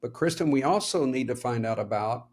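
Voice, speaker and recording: A man's voice: mid-range voice, animated, a little fast, breathy edge. A man co-hosting a podcast, telling anecdotes and giving advice in a casual, storytelling manner. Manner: warm storyteller, laughs easily. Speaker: podcast co-host.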